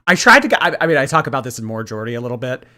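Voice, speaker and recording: A man's voice: mid-range voice, big pitch swings, very fast, sharp tone. A man hosting a casual livestream, reading and answering viewer chat in a gossipy way and laughing often.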